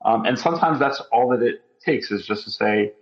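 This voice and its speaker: A man's voice: medium pitch, a little fast, muffled recording. A man appearing as a physician guest on a podcast, explaining at length with many ums. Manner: explanatory, filler-heavy. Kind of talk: conversational interview.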